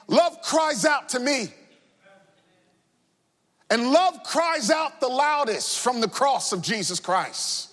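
A man preaching a sermon with impassioned delivery, sung cadences and shouted refrains. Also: very high voice, lively intonation, slow, long pauses. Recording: long hall reverb.

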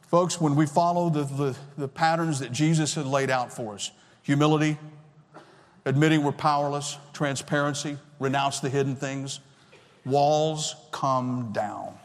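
A man's voice: on the high side, steady tone, measured pace. Older male pastor preaching in a reverberant hall. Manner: emphatic, repeats key phrases. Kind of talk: sermon. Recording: long reverb of a large hall.

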